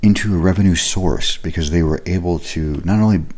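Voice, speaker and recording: Male trainer with a very deep voice, explaining things casually. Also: a little fast, darkish tone. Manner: conversational, explanatory, with fillers. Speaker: leadership trainer. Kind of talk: recorded leadership lesson.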